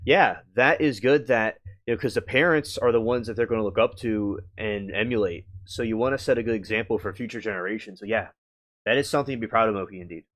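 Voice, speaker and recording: A man hosting a live stream, reacting casually to chat, halting and meandering with many restarts. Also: fairly low pitch, a bit bright.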